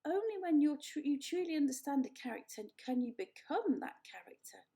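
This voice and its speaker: A woman's voice: high-pitched, big pitch swings, normal speed, dark tone. A woman voicing a chatty, theatrical female opossum in a storybook reading, talking in a dramatic, gushing way. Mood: encouraging.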